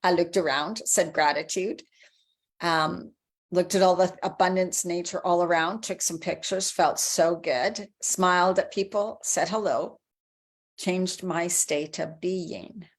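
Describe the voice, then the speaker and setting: A woman in her forties speaks in a fairly low, easygoing voice, coaching her viewers. She talks in a chatty, encouraging way and sometimes acts out the doubting voice in their heads. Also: fairly even intonation, measured pace. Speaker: life coach. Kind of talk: motivational video talk.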